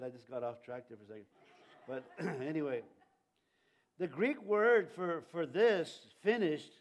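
A middle-aged male pastor giving a conversational Easter sermon, animated with jokey asides and audience questions. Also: on the high side.

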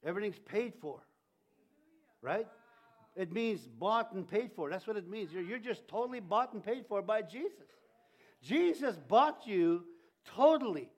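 A middle-aged male pastor giving a conversational Easter sermon, animated with jokey asides and audience questions. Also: high-pitched, measured pace.

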